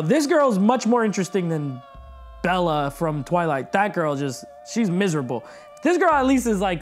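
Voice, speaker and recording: A young man giving a sarcastic, exasperated comedic movie review as the host of his own channel. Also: on the high side.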